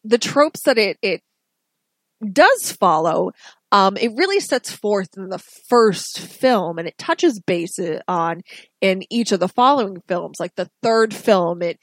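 A woman's voice: mid-range voice, animated, a little slow, no echo. A woman co-hosting a podcast, talking thoughtfully with frequent ums. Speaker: podcast co-host. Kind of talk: casual chat.

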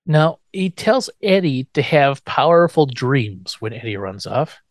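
A man's voice: medium pitch, sing-song, a little slow, no room sound. A man co-hosting a podcast, casually recapping a TV episode scene by scene and chuckling often. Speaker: podcast co-host.

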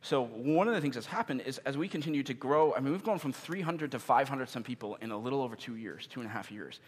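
Pastor preaching in an echoing gym. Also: male voice, medium pitch, lively intonation, breathy edge. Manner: earnest, emphatic, with sudden loud stresses and slowed key questions. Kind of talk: sermon. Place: church meeting in a gym. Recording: long reverb of a large gym.

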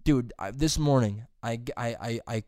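A young man chatting casually as a podcast co-host, swearing freely and breaking into loud high-pitched impressions. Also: a little slow, no room sound, studio quality. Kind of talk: casual chat.

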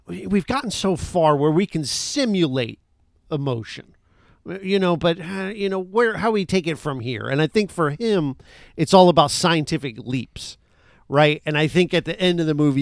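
A man's voice: a little high, lively intonation, normal speed, dry recording, clean studio sound. Rambling man in casual film chat. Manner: rambling, enthusiastic, many fillers. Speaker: podcast co-host.

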